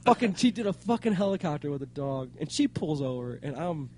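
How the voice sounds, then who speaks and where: A man's voice: a little high, very animated, brisk. A man co-hosting a casual podcast chat, swearing freely and laughing while he tells stories. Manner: loud, swearing, laughing storyteller. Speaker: podcast co-host.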